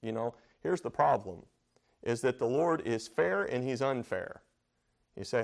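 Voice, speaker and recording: A man's voice: mid-range voice, lively intonation, a little slow, creaky. Earnest man teaching a Bible study. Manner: earnest, repeats phrases, asks the room questions. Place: church Bible study class.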